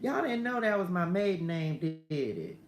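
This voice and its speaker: Streaming from her phone in a roomy space with faint ambience and slight background noise, a middle-aged woman hosts a relaxed morning spiritual livestream. Her lowish voice swings widely in pitch at a moderate pace as she chats, laughs a lot and wanders into side stories.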